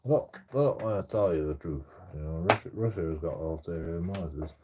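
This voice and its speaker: A man's voice: deep voice, a little fast, heavy background noise. A man rambling in casual chat as a streamer, swearing constantly and stammering through restarts.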